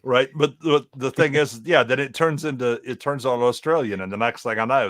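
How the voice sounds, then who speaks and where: A man's voice: mid-range voice, brisk, hardly any pauses, fairly bright tone, dry recording. A man rambling through a jokey story in casual chat, in an ordinary middle-range voice. His sound is dry and close, with no room around it. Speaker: podcast panelist.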